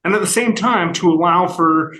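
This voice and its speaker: An American man talking as a guest in a casual talk, halting and repeating words as he gathers his thoughts. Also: high voice, bright, forceful tone, low-quality recording. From United States. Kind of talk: casual conversation.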